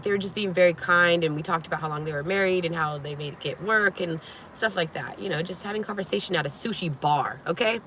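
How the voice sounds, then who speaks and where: A woman in her thirties telling a story in a casual vlog, animated, laughing often, nervous and sweaty. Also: fairly low pitch, background noise. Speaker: vlogger.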